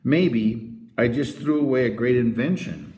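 A man's voice: medium pitch, unhurried, warm tone, natural voice. A man voicing a spirited young girl who is eager to please and stammers when flustered. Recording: roomy echo.

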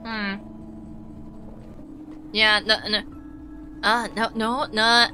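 Hoarse, bright-voiced woman streamer. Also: on the high side, little pitch movement, very slow, faint music behind. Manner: self-mocking, swears, restarts often. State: hoarse, voice straining. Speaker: streamer reading a game aloud. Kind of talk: casual live-stream chat and reading.

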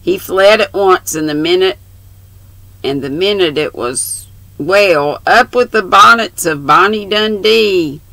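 An older woman reading a novel aloud, slow and unhurried, stopping to correct herself and mutter asides. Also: lowish voice, vocal fry, pushed and bright, dry recording, poor audio. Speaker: channel host reading aloud.

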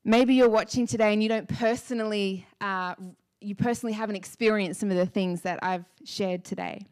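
A young woman preaching a sermon, telling her testimony with passion and rising to shouted declarations. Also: mid-range voice, fairly even intonation, fairly quick, clean tone. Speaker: pastor.

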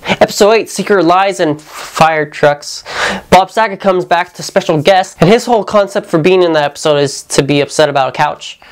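A woman's voice: fairly low pitch, normal speed. A woman vlogger giving a sarcastic, opinionated review of a TV series, sometimes mimicking voices.

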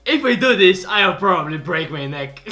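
A man, hosting and commenting on clips in a reaction video, excitable and quick to exclaim and laugh. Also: high-pitched, soft background music. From Bulgaria. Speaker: host.

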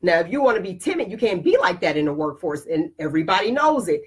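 A woman's voice: on the low side, sing-song, quick pace, slightly rough. A woman hosting her own show, giving a blunt, emphatic motivational talk straight to her viewers. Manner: addresses viewers directly. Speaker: host.

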